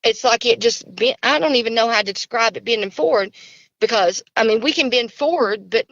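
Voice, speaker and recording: A woman's voice: on the high side, a little fast, no room sound, dull audio. A woman with a Kentucky accent, a podcast caller telling her story in an earnest, rambling way that repeats itself. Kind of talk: casual storytelling.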